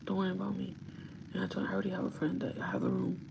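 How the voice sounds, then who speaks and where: A woman on a livestream tells a long personal story, worn out from lack of sleep. Her voice has a gravelly fry to it. The audio carries a clear layer of background noise. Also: mid-range voice, completely flat delivery, rapid-fire. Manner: emotional, rambling, quoting her partner. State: sleep deprived.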